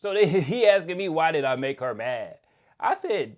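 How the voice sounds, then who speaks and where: A young man, casually telling a work story in an animated, slangy way, often laughing. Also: a little high, brisk.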